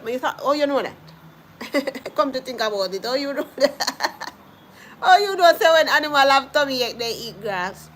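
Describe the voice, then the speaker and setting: A young woman with a Jamaican accent talks casually to her live-stream viewers, picking up their comments one after another. Her voice sits a little high, and she laughs easily. A faint hum of room noise runs underneath. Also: fairly bright tone. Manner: chatty, laughs often, answers viewers' comments. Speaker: vlogger reading live comments.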